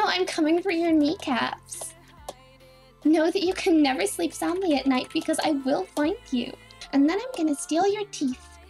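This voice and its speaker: A woman's voice: very high-pitched, a little mellow, voice pushed up. A woman with an Australian accent voicing a cutesy, baby-talking uwu girl in an exaggerated cute whine.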